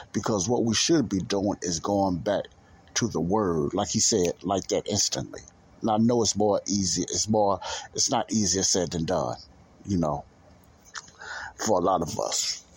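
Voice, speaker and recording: A man's voice: sits low, husky, no room sound. A man hosting a Christian podcast, talking earnestly off the cuff, repeating himself and restarting his sentences. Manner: earnest, repetitive, restarts often. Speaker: podcast host. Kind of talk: casual Christian commentary.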